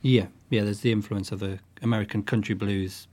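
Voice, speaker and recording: A man's voice: fairly low pitch, little pitch movement, brisk. A man from the northwest of England, a guest musician explaining his craft in a casual interview, thoughtful and often restarting his sentences. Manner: thoughtful, with frequent restarts and soft fillers.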